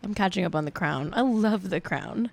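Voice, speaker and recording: A woman's voice: fairly low pitch, normal speed, creaky. A woman hosting a casual celebrity gossip livestream, playful and self-mocking. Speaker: host.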